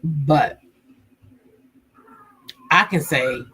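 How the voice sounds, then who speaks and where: Husky woman in a loose, salty chat. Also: extremely slow. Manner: animated, acts out quotes with jumps in pitch, swears freely. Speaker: vlogger. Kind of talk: casual storytelling chat.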